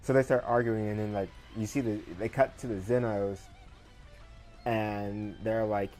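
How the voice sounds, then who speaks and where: A man's voice: lowish voice, level tone, a little slow, a little mellow, soft background music, low-quality recording. A man casually recapping an anime episode for his video review, rambling with lots of fillers and paraphrased quotes.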